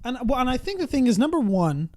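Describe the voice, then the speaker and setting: A man's voice: very high-pitched, very animated, fast talker, a little mellow. A man guest on a casual podcast, blunt and swearing as he gives his opinion on football. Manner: blunt and profane, joking. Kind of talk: casual sports chat.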